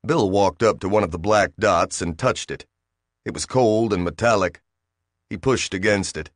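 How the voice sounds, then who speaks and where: A man narrating an audiobook in even, measured storytelling. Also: on the low side, no room sound, studio quality. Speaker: audiobook reader. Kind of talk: scripted narration.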